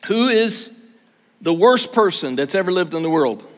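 A man's voice: high voice, sing-song, moderate pace, a bit bright. A man in his sixties preaching a sermon, talking casually and joking with his audience. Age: 60s. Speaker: pastor. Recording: long hall reverb.

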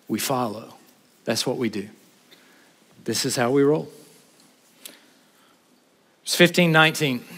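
A male pastor, preaching a sermon that shifts between intense build-ups and casual asides. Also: medium pitch. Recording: long hall reverb.

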